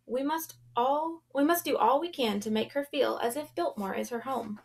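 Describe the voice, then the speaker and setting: A woman voicing a gracious, refined lady of a grand house who speaks in a warm, formal, soothing way. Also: sits high, normal speed, creaky.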